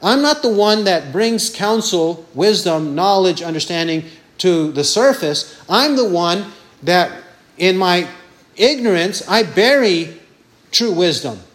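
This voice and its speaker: A man's voice: sits high, expressive, slow, a bit bright. A man preaching a sermon, asking questions and answering them himself, stressing points with repeated lists of words.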